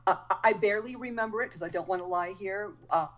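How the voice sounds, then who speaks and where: A woman calls into an interview from home, her phone on speaker. She talks in an animated, lively way and laughs easily. The talk is casual and friendly. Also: medium pitch, quick pace, highs cut off. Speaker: guest, former wrestler.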